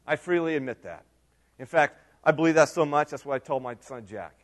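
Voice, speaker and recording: Earnest preacher with a higher voice. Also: male voice, lively intonation, fairly quick. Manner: earnest, repeats key phrases for emphasis; swings between loud emphasis and quiet asides. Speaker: pastor. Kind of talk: sermon.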